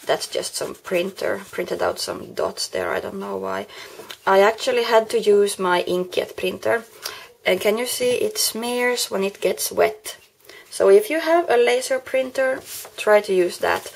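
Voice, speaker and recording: A woman showing a handmade card she made, unhurried, often pausing to search for the right word. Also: medium pitch, creaky, slightly rough. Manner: unhurried, pauses to search for words. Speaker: craft vlogger. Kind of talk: card-making tutorial vlog.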